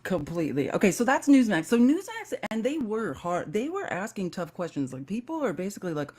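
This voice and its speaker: A woman co-hosting a casual political commentary show, animated and quick with asides. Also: mid-range voice, slightly rough. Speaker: co-host.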